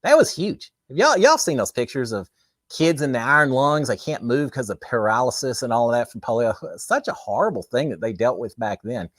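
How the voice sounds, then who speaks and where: A man's voice: mid-range voice, sing-song, brisk, fairly bright tone, dry recording, clean studio sound. A man hosts a casual, chatty livestream. He talks with enthusiasm and plenty of fillers. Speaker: host.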